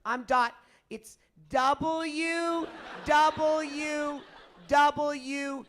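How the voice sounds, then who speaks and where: Very high, bright-voiced playful man. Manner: playful, excitable, quick to laugh. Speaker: voice actor on a convention panel. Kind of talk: joking panel banter. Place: convention panel stage.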